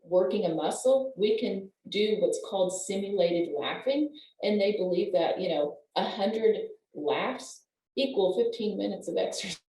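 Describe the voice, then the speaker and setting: An older woman, a wellness professional and guest, explaining things in an animated way and laughing as she talks. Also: medium pitch, normal speed, slight background noise. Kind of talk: conversational explaining. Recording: roomy, distant from the mic.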